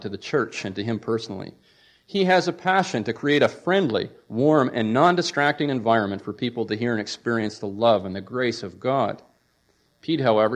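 Male pastor, mid-pitched voice, emphatic sermon delivery with swings in volume. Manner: emphatic preaching with rises and drops in pitch and volume.

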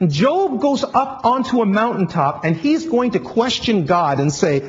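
Male pastor, sermon, quizzing the crowd like a class, animated delivery. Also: sits high, moderate pace, few pauses. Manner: playful teacher-style, quizzing the congregation. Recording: dull lo-fi recording.

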